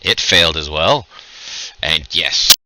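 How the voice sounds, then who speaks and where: A man's voice: very deep voice, slow pace, sharp tone, slight background noise, low-quality recording. A man running a tabletop game as dungeon master, narrating scenes and giving rulings. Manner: describes scenes and rulings, laughs along with players.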